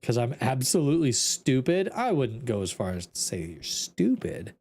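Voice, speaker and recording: Animated, exasperated male game streamer. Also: mid-range voice, normal speed, slightly rough. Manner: exasperated, talks to his chat. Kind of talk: casual gameplay commentary.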